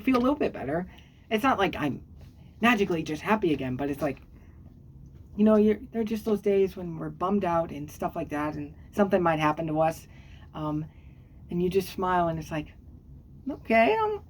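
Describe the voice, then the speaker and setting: A woman vlogger talks casually to her camera at a mid pitch. She rambles with plenty of fillers, "um"s and restarts. Now and then she jumps into squeaky, excited highs. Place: at home on a squeaky chair.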